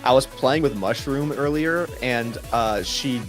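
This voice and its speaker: A man co-hosting a casual live-stream podcast, animated and laughing often. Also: mid-range voice, unhurried, music in the background. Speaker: podcast co-host.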